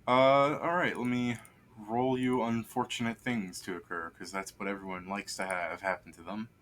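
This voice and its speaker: Man, game master, low voice, bright tone, offhand narration, faint background hiss. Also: steady tone, moderate pace. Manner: loose, offhand narration with fillers. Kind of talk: running a tabletop game.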